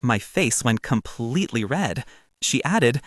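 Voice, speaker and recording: A man narrating a first-person story with animated, dramatic emphasis. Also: medium pitch, unhurried, no echo, clean studio sound.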